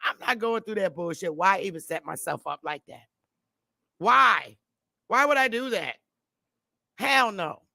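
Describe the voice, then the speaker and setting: Woman host, from New England, blunt profane livestream rant, gravelly and dry. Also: medium pitch, expressive, a little slow, pauses often, sharp tone, no echo. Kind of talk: impassioned livestream monologue.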